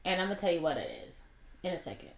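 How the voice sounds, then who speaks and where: A woman's voice: on the low side, expressive. A woman in her twenties telling a personal story in a chatty way, with lots of fillers, while doing her makeup. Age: 20s. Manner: chatty, many fillers, drawn-out asides. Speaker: vlogger. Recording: echoey room.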